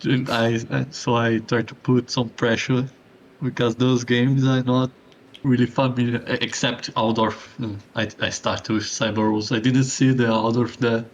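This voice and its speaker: Competitor: man, mid-pitch voice, halting speech with repeated words. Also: flat delivery, muffled recording. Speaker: bingo league player. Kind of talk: casual post-match chat.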